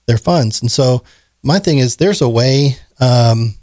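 A man's voice: mid-range voice, slow, a little mellow, no room sound, studio quality. A man talking earnestly on a podcast about running his business, reflective and repeating himself. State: choked up. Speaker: podcast guest, business owner. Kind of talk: casual conversation.

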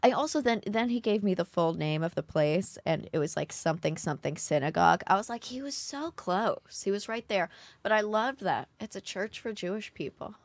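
A woman comedian hosting a casual podcast chat, telling joking, animated stories with acted-out quotes. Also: lowish voice, brisk, no echo. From northern United States. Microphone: studio microphone.

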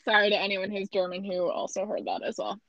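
Bright playful Midwestern American woman. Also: mid-range voice, fast, dry recording, highs cut off. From Midwestern United States. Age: 20s. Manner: playful and self-mocking, animated storytelling. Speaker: podcast co-host. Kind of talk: casual podcast chat.

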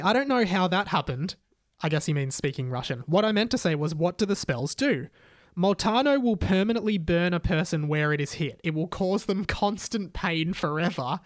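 A man's voice: sits high, no room sound, studio quality. A young man reading his old fan story aloud and mocking it, laughing often as he comments. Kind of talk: casual comic reading with commentary.

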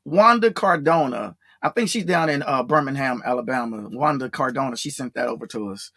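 Animated podcast host on a dry mic. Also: mid-range voice, breathy edge, dry recording. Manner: animated, laughs a lot, drawn-out exclamations. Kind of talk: casual chat.

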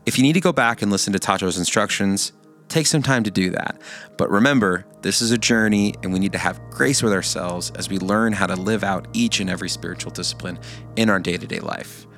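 A man closes a podcast episode with calm, encouraging words. His voice sits low, and soft guitar plays faintly behind him. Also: fairly quick. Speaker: podcast host. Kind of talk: closing remarks over music. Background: faint guitar music.

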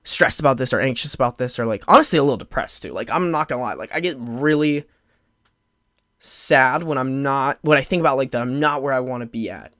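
A man's voice: mid-range voice, a little fast, sharp tone, no room sound. A man in his twenties hosting a solo podcast, rambling with constant "like" fillers and restarts, openly emotional. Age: 20s. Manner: rambling, heavy use of "like" fillers, frequent restarts; emotional, openly close to tears at times. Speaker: podcast host. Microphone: podcast microphone.

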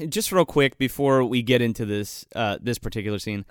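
A man's voice: medium pitch, fairly quick, dry recording, clean studio sound. A man co-hosting a podcast, talking crudely and incredulously, swearing all the time as he recaps a movie. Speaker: podcast co-host reviewing a movie. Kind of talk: casual profane chat.

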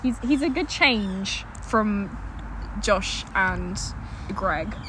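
A woman's voice: mid-range voice, expressive, extremely slow, noisy background. A young British woman chatting casually as a podcast co-host outdoors in a forest, retelling scenes with quoted lines. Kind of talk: casual chat.

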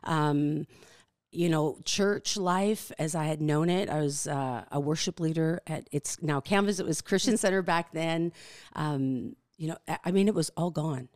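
A woman in her fifties, a podcast guest, telling her personal faith story in a reflective, halting way with many fillers. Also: deep voice, a little mellow, clean tone, dry recording, studio quality.

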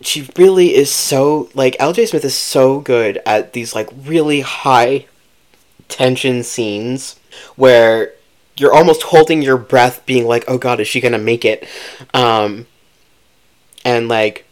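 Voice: medium pitch, slow. A podcast co-host chatting casually about a book, with lots of fillers and acted-out quotes.

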